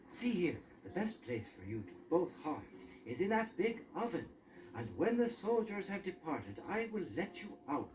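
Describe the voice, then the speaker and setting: A man voicing a sly, smooth-talking male fox in an old audio story, coaxing and urgent. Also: moderate pace, distant mic, slight background noise, low-quality recording. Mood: scheming. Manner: coaxing, urgent, high and lively. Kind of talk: amateur storybook acting.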